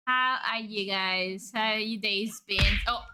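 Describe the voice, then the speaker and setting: A woman's voice: on the high side, little pitch movement, unhurried, few pauses, bright, forceful tone, clear, resonant tone. A woman live-streaming, chatting casually with her viewers in a playful, teasing way and laughing often.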